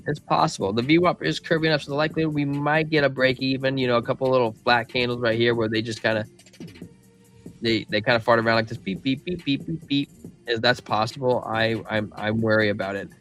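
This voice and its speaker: Talking fast with little pitch movement, a mid-range, slightly bright male voice hosts a live crypto stream. He goes over price charts and reads the chat casually, using slang, while faint music plays in the background.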